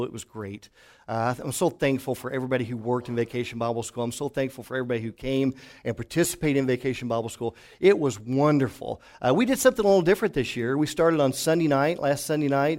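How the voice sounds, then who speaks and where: A man's voice: mid-range voice, darkish tone. Man preaching a folksy sermon. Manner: folksy storytelling with frequent restarts and fillers. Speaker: pastor. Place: church sanctuary.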